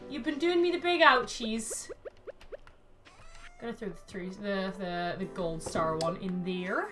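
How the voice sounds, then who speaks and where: A woman's voice: mid-range voice, a little slow, sharp tone, soft background music. A woman, chatting playfully as a streamer, laughing often and talking to her cat and her chat. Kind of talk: casual gaming stream chat.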